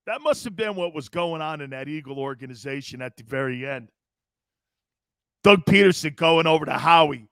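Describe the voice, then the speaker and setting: Man, sports talk host, high voice, dry close sound, joking, animated. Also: normal speed, dry recording. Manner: animated, joking, often laughing. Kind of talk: casual sports radio talk.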